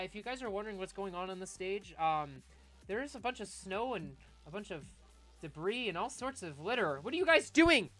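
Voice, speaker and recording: A woman hosting a live-streamed awards ceremony, chatting loosely with lots of fillers and shouting out each winner's name. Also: on the low side.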